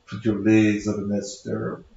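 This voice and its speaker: A man's voice: lowish voice, completely flat delivery, normal speed, gravelly, mellow. A man hosting a show, delivering a preachy, sarcastic rant. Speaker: host. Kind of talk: mocking talk-show rant. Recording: very echoey, dull lo-fi sound.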